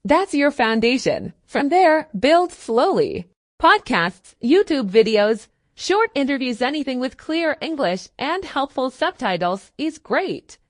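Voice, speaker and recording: Woman, English teacher, high bright voice with a lot of lift and fall, clear and paced for learners. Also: very animated, no room sound, clean studio sound. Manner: clear, measured, encouraging delivery with deliberate pauses. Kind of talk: scripted English listening lesson.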